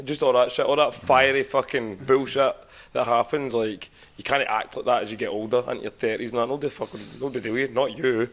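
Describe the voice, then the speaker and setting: A man's voice: mid-range voice, fairly even intonation, fast, hardly any pauses, a bit bright. A young Scottish man from Glasgow co-hosting a podcast, swearing freely and teasing his friends in blunt casual banter. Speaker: podcast co-host.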